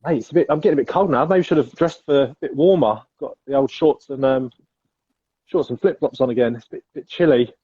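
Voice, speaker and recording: Mellow, husky man saying "mate". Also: medium pitch, fast, no room sound, muffled recording. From England. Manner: matey, rambling, says "mate" a lot. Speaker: co-host of a live barbecue show. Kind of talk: casual live-stream chat.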